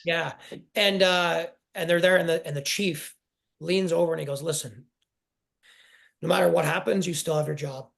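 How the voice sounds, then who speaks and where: A man in his forties telling his personal story in an interview, halting and emotional, often restarting his sentences. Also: a little high, fairly even intonation, vocal fry, fairly bright tone. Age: 40s. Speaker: guest.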